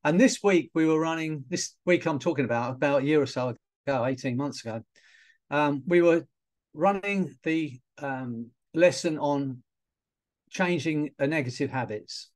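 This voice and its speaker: This is a man, a hypnotherapist and trainer, speaking to students over a video call. His voice sits a little high for a man, and his delivery is loose and conversational, full of fillers and small laughs. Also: normal speed. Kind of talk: online talk to an audience.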